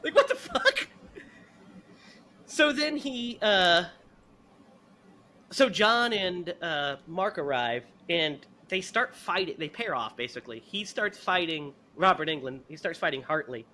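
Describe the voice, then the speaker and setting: A man with a high, very bright voice recaps a horror film on a podcast. His delivery swings widely in pitch. It is loose, profane and full of laughter. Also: a little slow, slight background noise. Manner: animated, profane, laughing retelling. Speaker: podcast host. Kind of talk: casual movie review chat.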